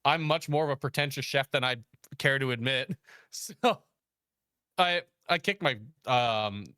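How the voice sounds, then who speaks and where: A man who works as a chef, telling a story in casual chat, animated, laughing often and acting out quoted dialogue. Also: medium pitch, unhurried, clear, resonant tone, no echo, clean studio sound. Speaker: guest, chef.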